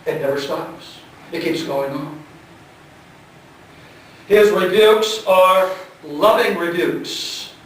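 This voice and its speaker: A man preaching a sermon as pastor, emphatic, repeating key phrases and letting sentences fall quiet at the end. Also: high voice, takes it slowly, long pauses. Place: church sanctuary. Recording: echoey church sanctuary, mic at a distance.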